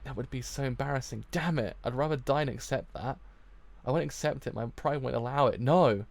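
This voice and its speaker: A man with a gravelly voice reading the lines of a proud, hotheaded rich boy in loud, blustering denial. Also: medium pitch, moderate pace, no room sound, close to an everyday voice. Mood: flustered, angry.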